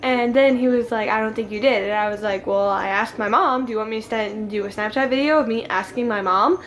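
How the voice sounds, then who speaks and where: A woman's voice: a little high, a little fast. A teenage girl telling a story to camera at a friend's home, rambling with lots of "like" fillers and laughing. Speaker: vlogger. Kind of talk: casual storytime.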